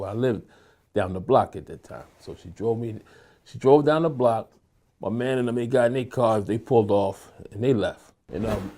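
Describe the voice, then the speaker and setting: Casual man telling a personal story. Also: mid-range voice. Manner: casual storyteller, acts out quotes loudly. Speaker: interviewee.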